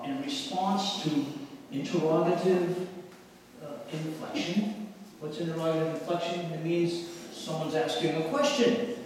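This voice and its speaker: A man's voice: on the high side, darkish tone. A man giving a conference lecture, explaining step by step and often checking in with a rhetorical "right?". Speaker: conference presenter. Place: conference hall. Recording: very echoey hall, far from the mic.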